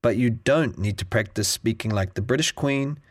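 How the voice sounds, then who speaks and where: A man reading a scripted English listening lesson in a clear, measured way. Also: mid-range voice, no room sound, clean studio sound. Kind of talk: scripted narration.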